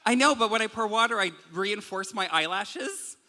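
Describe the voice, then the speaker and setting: Campy drag queen turning forty, bright and high. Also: lively intonation, moderate pace. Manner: campy, bawdy, self-mocking, giggling. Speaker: drag performer, guest of honor at her roast. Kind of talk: live roast stage banter. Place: live comedy venue with audience. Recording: hall reverb of a live venue.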